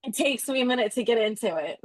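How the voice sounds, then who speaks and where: A woman's voice: fairly high pitch, expressive, a little fast, no room sound. A young woman leading a casual class discussion of a novel. She is chatty, fills her talk with "like" and laughs often. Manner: chatty, laughs often, addresses the group as guys. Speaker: student leading a book discussion.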